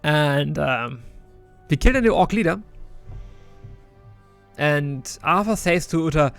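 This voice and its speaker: A man's voice: on the high side, animated, slow, creaky, pauses often, a bit bright, faint music behind. A man casually reviewing an old strategy game, chatty and enthusiastic with many restarts.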